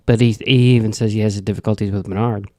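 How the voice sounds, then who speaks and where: A man's voice: lowish voice, fairly even intonation, quick pace, dark tone, no echo, studio quality. A man co-hosting a casual podcast, speaking hesitantly and easygoing. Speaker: podcast co-host. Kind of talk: casual chat.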